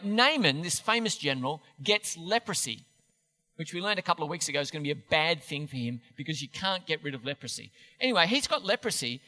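A man's voice: sits high, sharp tone, big-room sound. A man preaching a sermon in a church, chatty and self-deprecating, often restarting his sentences. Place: church hall.

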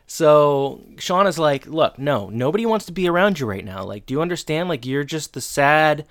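A woman's voice: low-pitched, expressive, moderate pace, dry recording, clean studio sound. A woman co-hosting a podcast, chatting casually and teasingly, acting out characters' lines while recapping an episode. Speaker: podcast co-host.

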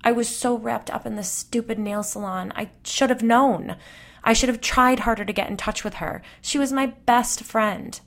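A woman's voice: deep voice, brisk. A woman narrator voicing a grieving salon owner who pleads tearfully. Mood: distraught.

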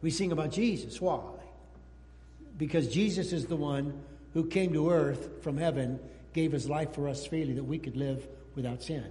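A male pastor preaching a sermon, telling a story in an animated way and calling out to the children in the congregation. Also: on the high side, moderate pace. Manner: animated storytelling, talks to the kids in the room. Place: church sanctuary. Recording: long hall reverb in a church.

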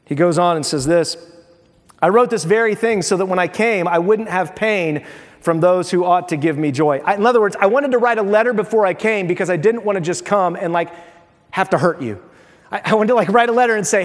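A pastor preaching a sermon in a conversational, animated way, acting out little everyday scenes. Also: male voice, high voice, normal speed, long reverb tail.

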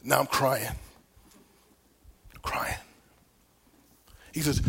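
A middle-aged man preaching a sermon, telling a personal story with big swings from whispers to loud, laughing exclamations. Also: mid-range voice, fairly quick, pauses often, husky. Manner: animated storytelling, dropping to whispers and rising to near shouts.

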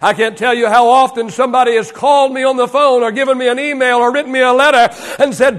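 High pitched preacher guy repeating his points to the church, sermon style. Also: fairly even intonation, fast talker, few pauses, a bit bright. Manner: preaching with emphatic repetition, leading the congregation in call-and-response. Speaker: pastor. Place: church service.

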